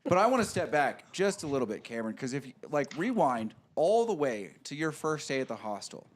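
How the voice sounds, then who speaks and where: A man's voice: on the high side, very animated, brisk. A man in casual podcast chat who teases and laughs as he jumps in. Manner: laughing, teasing interjections.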